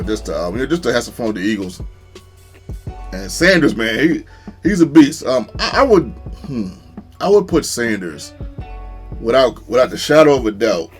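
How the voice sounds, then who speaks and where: Laid-back man commenting on his game. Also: lowish voice. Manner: laid-back, laughs often, excited yelps at big plays. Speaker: gaming YouTuber.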